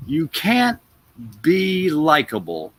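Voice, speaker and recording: Man, actor guest, storytelling interview, bright voice, loose and animated. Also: a little high, slow pace, no room sound. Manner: animated, loose, trails off with "blah, blah".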